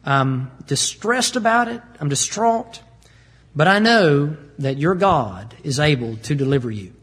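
A man's voice: a little high, lively intonation, a little slow, a bit bright, breathy edge, voice pushed down, exaggerated voice. Preacher voicing a guilt-stricken ancient king. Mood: distraught. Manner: pleading, distraught exclamations.

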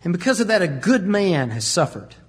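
An anguished old king cries out in guilt and despair, as a preacher puts him on. The voice sits high and sounds husky, breaking into pleading exclamations. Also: very animated, brisk, full character voice. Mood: distraught.

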